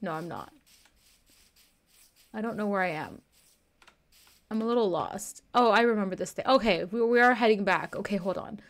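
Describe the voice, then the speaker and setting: A woman's voice: mid-range voice, expressive, normal speed, long pauses. A young woman streaming a game, talking in a rambling, flustered way and swearing freely as she plays. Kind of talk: live-streamed game commentary.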